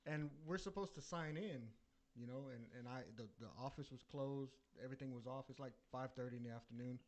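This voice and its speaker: A man's voice: medium pitch, a little fast. A young man, cursing freely as he tells a story in a casual podcast chat. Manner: animated, swears a lot, builds suspense. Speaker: podcast co-host.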